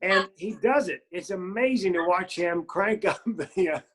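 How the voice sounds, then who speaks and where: A man chats as a podcast guest, spinning stories with a comedian's timing. His voice sits a little high, and he lifts it further whenever he acts out other people's lines. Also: measured pace. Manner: animated storyteller who acts out quotes in higher voices. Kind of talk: casual interview storytelling.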